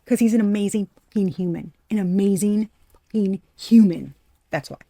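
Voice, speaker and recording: Woman, tarot reader, casual and profane, repeats herself for emphasis; warm low-key tone, dry close sound. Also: normal speed, gravelly, no echo. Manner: talks straight to the viewer as "you". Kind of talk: casual spoken tarot reading.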